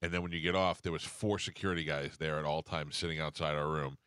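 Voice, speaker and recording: A man's voice: a bass voice, fairly even intonation, fairly bright tone, clear, resonant tone, dry recording. A man hosting a morning radio show, telling loose stories in casual chat. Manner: loose storytelling, quick asides.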